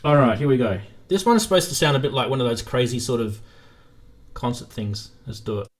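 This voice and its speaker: Male streamer, casual chatty host, mid-pitched, easy laughter. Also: lively intonation, fairly quick. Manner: laughs easily, chatty with viewers. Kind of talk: casual live stream chat.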